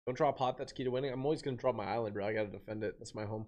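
A man live-streaming a game, chatting in slang, reacting loudly and thanking viewers for donations. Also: medium pitch, very fast, dull audio. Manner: loud hype outbursts, slangy and excitable, reads donations aloud. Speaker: gaming streamer. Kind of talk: live-stream chat while gaming.

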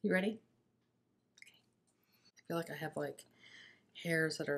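A woman's voice: sits low, normal speed. A woman in casual on-camera chat, teasing and chatty with a friend. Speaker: co-host of makeup channel collab.

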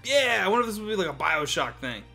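A man's voice: high voice, sing-song, fast talker, gravelly, pushed and bright. A man hosting a casual let's-play video with a friend, playful and jokey, with game music behind. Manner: playful, jokey, giggly banter.

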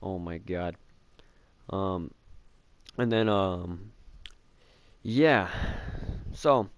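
Speaking very slowly in a deep voice, a young male vlogger shares a casual, self-mocking childhood storytime full of fillers and curse words. The recording is dry.

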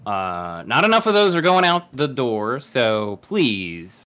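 Pria pembawa acara yang santai. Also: male voice, mid-range voice, slow. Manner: relaxed, hesitant, uses many fillers. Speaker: podcast host. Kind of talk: casual hosting.

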